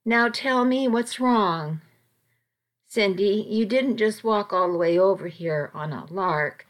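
A caring, firm aunt, as a woman reader puts her on in a storybook reading. She talks gently but sternly, pleading and steady at an ordinary mid pitch. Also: takes it slowly, natural voice. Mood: concerned, stern. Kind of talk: audiobook reading.

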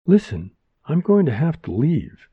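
Man reading as a calm, practical woman. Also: a little high, measured pace, slightly rough, no echo, dull audio, pitched above the performer's own voice, heavily acted.

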